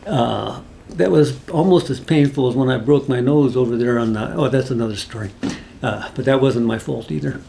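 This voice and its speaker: A man's voice: mid-range voice, moderate pace, vocal fry, dark tone, a little hiss or hum. A man casually telling a rambling, folksy personal story, full of asides. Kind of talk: casual spoken anecdote.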